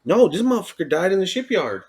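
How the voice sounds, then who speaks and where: A man's voice: sits high, very animated, fast talker, a little mellow. A man co-hosting a casual podcast chat, reading facts aloud with stumbles and jokes. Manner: stumbling reading, joking, laughs often. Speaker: podcast co-host.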